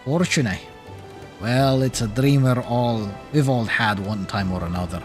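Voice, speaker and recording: A man voicing a chatty, worldly male sea traveler from a game, with a gruff, drawling put-on accent. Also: mid-range voice, measured pace, close to an everyday voice. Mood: advising. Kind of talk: reading game dialogue aloud in character. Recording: game music clearly behind. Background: game music.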